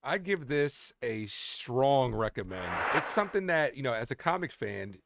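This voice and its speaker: A man's voice: medium pitch, sing-song, moderate pace, creaky, background noise. A man on a film review panel, speaking casually and hesitantly, with many fillers.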